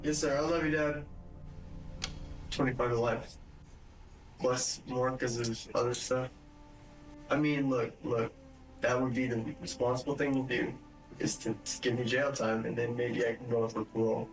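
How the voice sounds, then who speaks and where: A man's voice: mid-range voice, little pitch movement, normal speed, pauses often. A young man in a police interview, stammering and repeating his words in a subdued way. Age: young adult. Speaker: murder suspect. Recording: roomy distant recording with music.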